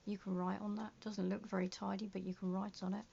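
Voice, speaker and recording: Gravelly woman murmuring over her crafts. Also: medium pitch, flat delivery, a little fast, warm tone, slight background noise. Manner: muttering to herself as she works, often drifting into a whisper. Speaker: junk journal crafter. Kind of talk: casual crafting vlog. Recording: dull lo-fi sound.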